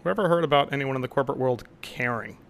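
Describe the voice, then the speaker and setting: A man with a bright, forceful voice co-hosts a podcast. He trades sarcastic jokes in easygoing banter. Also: mid-range voice, fast, vocal fry, a little hiss or hum. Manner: sarcastic, joking. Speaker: podcast co-host. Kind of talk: casual banter.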